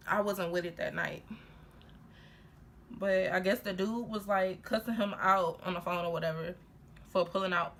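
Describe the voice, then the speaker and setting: A woman's voice: mid-range voice, creaky, a little hiss or hum. A young woman casually telling a personal story in a getting-ready vlog, talking animatedly with lots of fillers and restarts. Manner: animated, heated retelling full of fillers and laughs. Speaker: vlogger.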